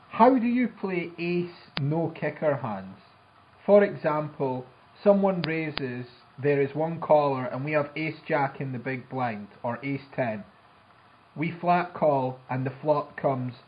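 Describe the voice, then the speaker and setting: A man co-hosting a casual poker chat, reading listener questions and thinking aloud haltingly. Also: a little high, lo-fi sound.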